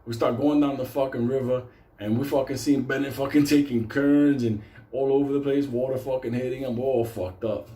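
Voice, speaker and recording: A man casually telling a story, animated and swearing constantly. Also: mid-range voice, fairly quick, reverberant.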